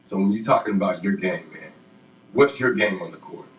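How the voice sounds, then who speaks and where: Lowish voiced guy interviewing, keeps encouraging the player. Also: a little fast, highs cut off. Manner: coaching, encouraging. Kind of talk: on-camera interview prompting.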